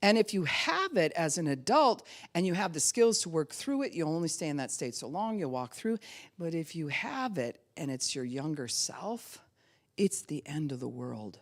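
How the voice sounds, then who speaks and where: A woman pastor preaching a sermon in an animated way, laughing often and acting out the voices she quotes. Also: deep voice, moderate pace.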